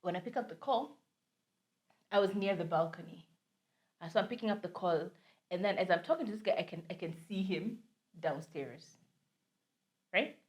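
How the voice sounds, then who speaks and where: A woman's voice: on the low side, expressive, moderate pace, long pauses. A young Kenyan woman, a podcast co-host, telling a story in casual chat, mixing English with Swahili slang.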